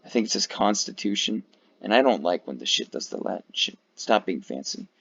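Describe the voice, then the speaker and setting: Tired male creator, low gravelly voice, swearing offhand commentary, lo-fi mic. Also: lively intonation, fairly quick, a bit bright. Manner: rambling, profane, many fillers. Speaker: video creator ranking flags. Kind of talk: casual commentary. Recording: dull lo-fi mic.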